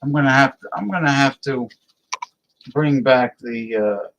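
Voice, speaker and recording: A man hosts a casual live-stream talk show and speaks at an unhurried, drawn-out pace. He rambles and mutters half to himself as he invites guests. His voice sits at an ordinary middle pitch. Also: fairly bright tone, dull audio, slight background noise.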